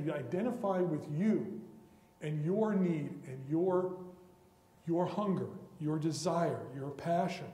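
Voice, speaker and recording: A man lectures from the stage of a college auditorium, his fairly high voice ringing through a large, echoing hall with a long tail of reverb. He tells the stories with animated flair and slips into the characters' voices for their lines. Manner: animated storytelling, acting out quoted characters. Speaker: guest lecturer. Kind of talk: public lecture on literature.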